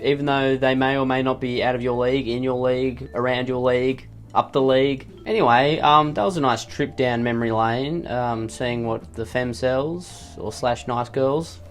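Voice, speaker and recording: A man's voice: mid-range voice, fairly even intonation, moderate pace, hardly any pauses, faint music behind. A man doing sarcastic, rambling comedy commentary as he reads out online posts. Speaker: YouTube commentator.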